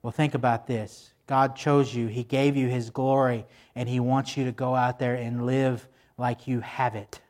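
A man preaching a sermon in a conversational way, turning to the congregation with asides and slowing down to stress the scripture he quotes. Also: medium pitch, flat delivery, a little mellow. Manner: slows down for emphasis when quoting scripture. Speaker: pastor.

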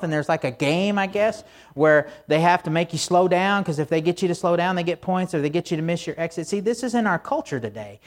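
A middle-aged man, a pastor, delivering a conversational sermon in a casual, storytelling way with frequent asides. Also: high voice.

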